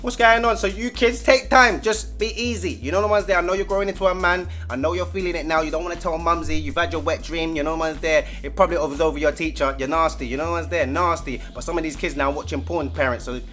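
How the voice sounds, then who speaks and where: A young man with a London accent telling a comic story from his school days in loud, animated street slang. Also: fairly high pitch, fast talker, hardly any pauses, soft background music. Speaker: vlogger.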